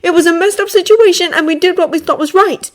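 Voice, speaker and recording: A woman's voice: very high voice, quick pace, voice pushed up. A woman doing a sardonic, exasperated schoolboy wizard. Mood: grim. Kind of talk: fan audiobook character voice.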